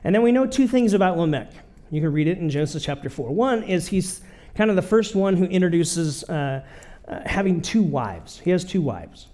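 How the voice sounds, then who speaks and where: A man's voice: high-pitched, big pitch swings, normal speed, darkish tone. A man preaching a sermon in a conversational way, often checking in with his listeners. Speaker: pastor.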